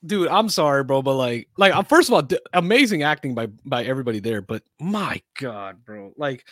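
A man's voice: medium pitch, expressive, fairly quick, a bit bright, no room sound, studio quality. A man hosting a casual podcast, talking in a loose, rambling, profane way with lots of fillers. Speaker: podcast host. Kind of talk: casual sports and wrestling chat.

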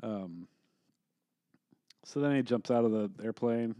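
A man's voice: mid-range voice, a little slow, dark tone, no room sound. A man co-hosting a casual movie review podcast, rambling and swearing freely, laughing as he talks. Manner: rambling, profane, laughs often. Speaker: podcast co-host.

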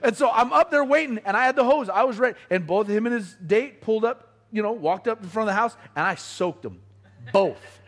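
A man's voice: sits high, fairly quick. A middle-aged man telling a comic family story to an audience, acting out the voices of his relatives. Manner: animated, acts out family members' voices.

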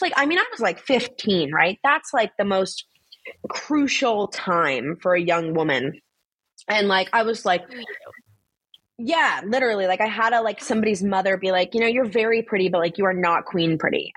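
Young woman chatting on a podcast, husky voice, swears a lot, says like constantly, dry close sound. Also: mid-range voice, no room sound. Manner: chatty, swears freely, fills talk with "like"; blunt and animated storyteller. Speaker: guest, social media influencer. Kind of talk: casual podcast chat.

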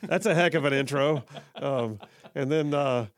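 A man's voice: mid-range voice, unhurried, no room sound, clean studio sound. A man hosting a casual talk radio show, chatty and full of fillers. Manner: chatty, hesitant with many fillers.

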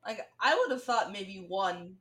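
A woman's voice: mid-range voice, animated, pushed and bright. A woman co-hosting a casual film reaction. She chimes in often and agreeably. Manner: chatty, agreeable, quick to chime in.

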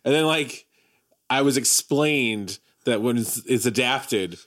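A man's voice: medium pitch, slow. A man co-hosting a podcast, swearing freely while telling stories in casual chat. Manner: swears freely, recounts memories with excitement.

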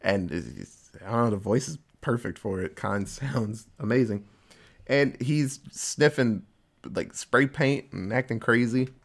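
A man casually recapping a TV episode with a co-host, telling it in an animated way and popping into quick voices for the characters. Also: medium pitch, creaky. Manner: animated storytelling with quick voice switches for quoted characters. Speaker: podcast co-host.

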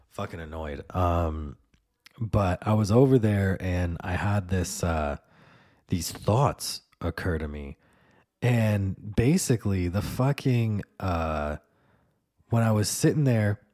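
A man's voice: on the low side, dark tone. A man hosting a podcast, rambling through a casual monologue with lots of fillers and swearing. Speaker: podcast host.

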